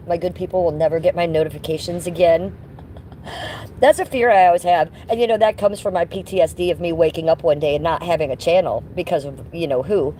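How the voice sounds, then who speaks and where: Woman streamer, low-ish voice, casual rambling chat to viewers, occasional smoker's cough, phone mic outdoors, faint traffic behind. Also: warm tone. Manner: chatty, rambling, talks to her chat by name. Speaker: live streamer. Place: outdoors, walking around.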